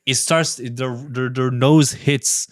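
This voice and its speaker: A man's voice: mid-range voice, fairly even intonation, slow pace, no echo, studio quality. A man on a podcast, rambling through a crude, absurd comic story with lots of swearing. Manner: rambling, profane, tells absurd stories. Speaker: podcast panelist. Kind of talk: casual comedic storytelling.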